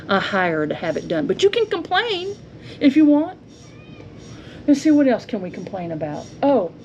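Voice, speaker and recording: Woman, fed up and confrontational, higher voice, muffled lo-fi home recording with faint hiss. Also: darkish tone. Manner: indignant, confrontational, rhetorical questions. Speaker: homestead vlogger. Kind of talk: angry venting monologue. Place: home with yard being mowed. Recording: dull lo-fi audio with faint noise.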